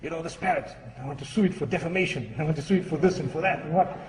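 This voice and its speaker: A man voicing an arrogant, indignant woman shopper, complaining in a huffy, quick way, in an echoey hall. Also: fairly high pitch, slight background noise, lightly acted. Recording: echoey hall, far from the mic.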